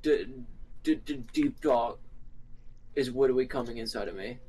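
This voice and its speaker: A man's voice: medium pitch, moderate pace, mellow, a little hiss or hum, poor audio. A young man joking and teasing his friends during a casual gaming session, laughing often.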